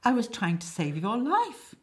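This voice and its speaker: A woman's voice: a little high, huge pitch swings, measured pace, pitched above the performer's own voice. A woman voicing a sarcastic, defensive hired killer who bickers in a comic stage play.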